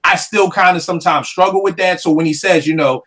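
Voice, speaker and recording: A man talks through lyrics he loves in loose casual chat. His voice sits a bit high, and he slips into quick acted-out voices as he tells his stories. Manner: animated, acts out voices while telling stories.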